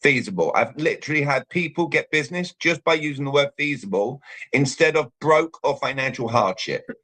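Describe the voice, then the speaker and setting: A man's voice: medium pitch, animated, a little fast, fairly bright tone. A British man giving an emphatic coaching talk on a live show over a video call, punctuating points with "all right". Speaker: communication coach, guest.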